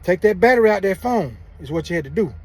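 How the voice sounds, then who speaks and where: A man's voice: high voice, expressive, quick pace, a little mellow. A man telling a story to camera in casual slang, repeating himself as he goes. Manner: repetitive, loose, drawling speech with slang. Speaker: vlogger telling prison stories.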